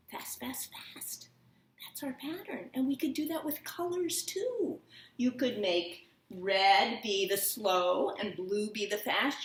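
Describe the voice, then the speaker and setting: Woman, children's music teacher at home, slow and animated, echoey room with a slightly distant mic. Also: on the high side. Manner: sing-song counting and chanting of rhythms. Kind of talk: teaching movement and rhythm to young children. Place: at home, indoors.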